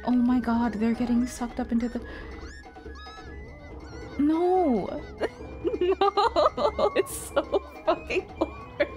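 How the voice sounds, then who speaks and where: Excitable woman streamer yelling at a game. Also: on the high side, slow, long pauses, soft background music. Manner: excitable, panicky repeated shouts and frequent swearing. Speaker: VTuber streamer. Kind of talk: casual live gameplay commentary.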